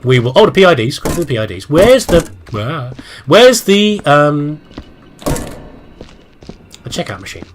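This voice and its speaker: Talking to himself while he plays, a British let's play host keeps up chatty, self-mocking commentary on a video game. His voice sits a little high and is very animated, with a measured pace, frequent pauses and a slight hiss or hum.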